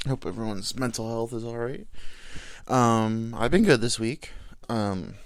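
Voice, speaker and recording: A man's voice: medium pitch, measured pace, no room sound. A man hosting a podcast, telling a rambling, self-deprecating comic story on a close mic. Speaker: podcast host. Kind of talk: casual comedic monologue.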